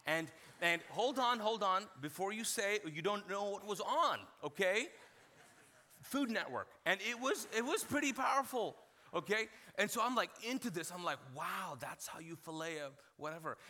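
Bright-voiced pastor telling stories. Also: male voice, high-pitched, lively intonation, normal speed. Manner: conversational storytelling with humor, addressing the congregation. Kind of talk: sermon.

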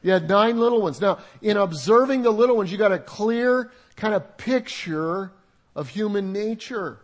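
An older man preaches in a high, light voice. His delivery is conversational and humorous, with asides to the congregation between scripture readings. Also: expressive, normal speed. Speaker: pastor. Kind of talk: sermon. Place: church sanctuary with congregation.

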